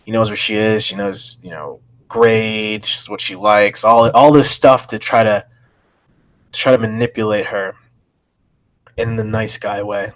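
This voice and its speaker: A man's voice: lowish voice, fairly even intonation, measured pace, a bit bright. Man reading chat logs aloud. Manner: thinking aloud, reacting with disbelief. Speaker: commentator.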